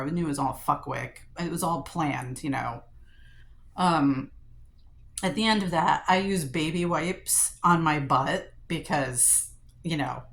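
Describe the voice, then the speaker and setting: A middle-aged woman with a low voice records a personal diary vlog. She vents in an upset, swear-filled way and keeps restarting her sentences with "um" and "like.". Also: a bit bright. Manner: upset, profane venting with frequent fillers and restarts. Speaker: vlogger.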